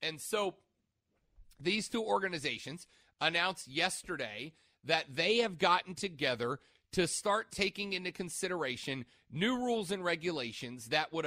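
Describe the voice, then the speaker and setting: A man's voice: a little high, animated, moderate pace, sharp tone, no echo. A man hosting a sports radio show, chatting casually and rambling, stopping mid-sentence to check his notes. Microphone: studio microphone.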